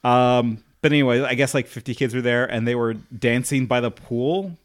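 A man's voice: mid-range voice, moderate pace. A man co-hosting a podcast in casual chat, sarcastic and critical, full of "like" fillers. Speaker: podcast co-host.

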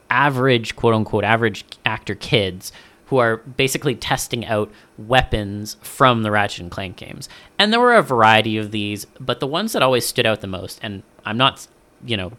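Animated, swearing man on a podcast. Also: on the low side. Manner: animated, swears often, acts out quoted lines. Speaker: podcast co-host. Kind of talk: casual podcast chat.

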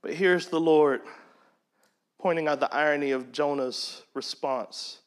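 A man teaching a Bible study in a conversational preaching manner. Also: a little high. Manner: conversational, acts out quoted voices.

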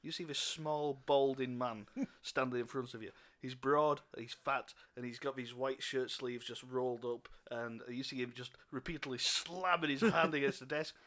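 A man's voice: medium pitch, fairly even intonation, normal speed, few pauses, fairly bright tone. A man narrating a tabletop game as game master, loose and chuckling with many fillers.

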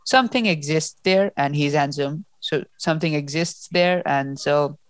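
Book-podcast co-host, woman, low voice, emotional and rambling, dry sound. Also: moderate pace, no room sound. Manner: emotional, restarts and gushes about the story. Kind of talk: casual book discussion.

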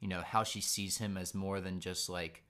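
A man's voice: low voice, fairly even intonation, normal speed, bright, forceful tone. A man co-hosting a podcast, chatting casually and recapping a reality show with lots of fillers. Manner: rambling, filler-heavy recap. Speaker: podcast co-host. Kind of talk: casual chat.

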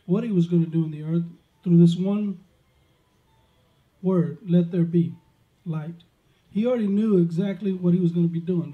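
A man preaching a sermon, emphatic and peppering his words with amens and praise. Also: sits high. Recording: dull lo-fi sound.

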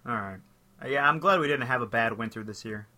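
A man's voice: mid-range voice, fast, bright, forceful tone. A young man co-hosting a podcast, riffing in crude, profane casual banter. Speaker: podcast co-host. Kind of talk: casual comedy chat.

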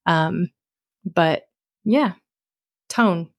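A woman co-hosting a podcast as a dog trainer, telling stories in a casual, expressive way. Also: on the low side, drawn-out words, dry recording, studio quality. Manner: expressive, storytelling with voiced puppy calls.

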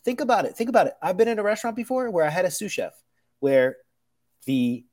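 A man who works as a professional chef, talking casually to camera in an animated, rambling way, full of fillers, restarts and swearing. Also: sits high, quick pace. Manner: acts out kitchen dialogue in quoted voices.

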